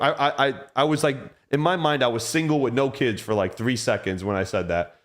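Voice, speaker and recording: A man hosting a casual chat, telling excitable stories and swearing a lot. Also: fairly low pitch, quick pace, hardly any pauses, slight background noise. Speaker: host.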